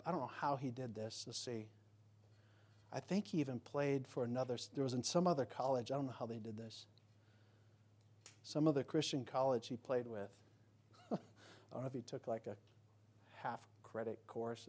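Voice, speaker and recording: A man preaching to his congregation in a chatty, rambling way, full of asides and restarts. When he quotes scripture, his voice swells into loud, emphatic declarations. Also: on the high side. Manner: conversational, anecdotal preaching with frequent restarts and asides. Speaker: pastor. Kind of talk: sermon.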